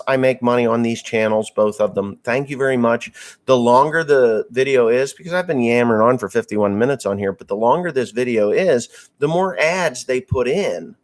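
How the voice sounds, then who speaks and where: A man's voice: medium pitch, moderate pace. A man from Massachusetts, a farmer hosting a live stream, chatting casually and bluntly with crude jokes as he answers viewer messages.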